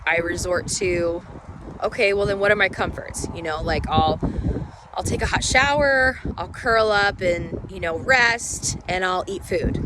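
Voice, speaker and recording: A woman with a hoarse, froggy voice from a cold, talking through her thoughts in a rambling, halting, candid way. She records an unedited personal vlog outdoors. Street and traffic noise comes through clearly behind her. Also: mid-range voice. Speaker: vlogger.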